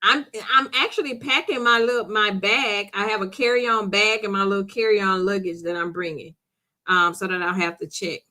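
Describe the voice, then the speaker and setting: Bright-toned middle-aged woman, chatty live-chat host who answers viewer comments directly and laughs often. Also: mid-range voice, fairly even intonation, normal speed. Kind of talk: casual chat.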